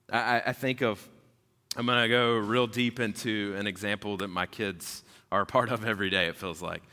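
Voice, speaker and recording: Casual pastor in an echoing hall. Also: male voice, fairly low pitch. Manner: casual, animated storyteller. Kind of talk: sermon. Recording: long hall reverb.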